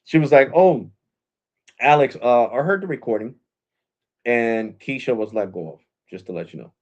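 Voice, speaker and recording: Male streamer, mid-pitched, animated and profane, acts out quotes while telling a story; muffled lo-fi stream audio. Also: normal speed. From Puerto Rico. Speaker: live streamer. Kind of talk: casual storytelling to a live stream audience. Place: at home.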